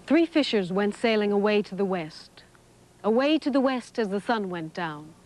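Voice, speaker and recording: A woman reciting verse with a sorrowful, even delivery. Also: medium pitch, normal speed. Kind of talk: poetry recitation.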